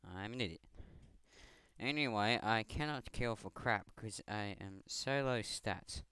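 A man's voice: fairly low pitch, a little slow, bright, forceful tone, clear, resonant tone, no room sound, clean studio sound. A teenage man from Scotland with a Scottish accent, giving rambling, self-mocking game commentary over a headset mic, swearing often. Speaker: gamer. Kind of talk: gameplay commentary.

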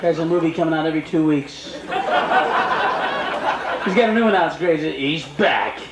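A man's voice: a little high, moderate pace. A man doing a live stand-up routine, breaking into sudden screaming tirades. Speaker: stand-up comedian. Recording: echoey live club, far from the mic, crowd noise. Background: audience laughter and crowd noise.

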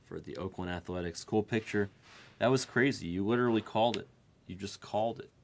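A man's voice: sits low, fast, gravelly, darkish tone, slight background noise. A man hosting a sports card break, rattling off player names and card types while chatting with viewers. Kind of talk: live card break call-outs.

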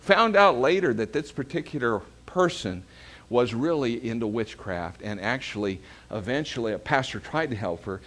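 A man's voice: mid-range voice, animated, normal speed, fairly bright tone. A man, preaching a sermon as pastor, telling stories and calling the congregation to say amen. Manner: storytelling preacher calling for amens.

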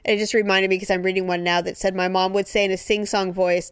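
A woman in her forties co-hosting a podcast, telling family stories in a lively way and putting on her parents' voices with frequent laughs. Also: fast, smooth, no echo, studio quality. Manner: animated storyteller, mimics parents in high voices, laughs often. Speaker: podcast co-host. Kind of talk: casual chat.

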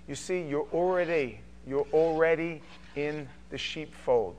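Animated man preaching a sermon. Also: a little high, a little slow. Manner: animated, acts out quotes with sudden loud bursts. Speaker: pastor.

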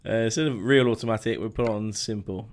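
Streaming a driving game, this young gaming streamer talks fairly quickly in a lowish voice, casually greeting viewers by name and narrating every step. Behind him you can faintly hear a truck engine.

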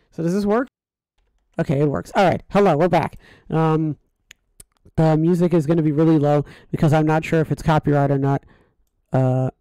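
A young man talking through a game stream in a somewhat high but dark, mellow voice with a gravelly edge. He rambles and thinks out loud, piling up fillers and false starts and worrying over his audio settings. The sound is close and dry. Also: no echo. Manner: rambling, thinks aloud with many fillers and restarts; frets aloud about his audio settings. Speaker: gaming streamer. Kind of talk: casual gaming stream commentary.

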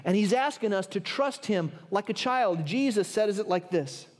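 A man, a pastor, preaching a sermon with lively, humorous storytelling and calling on the listeners to talk back. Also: high voice, normal speed, long reverb tail. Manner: lively storytelling with humor, calls for audience response.

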